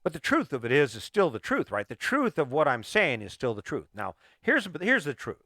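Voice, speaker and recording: A man's voice: a little high, huge pitch swings, normal speed, pushed and bright, no room sound, studio quality. A middle-aged man hosting a motivational podcast, talking emphatically and firing off repeated rhetorical questions. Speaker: podcast host.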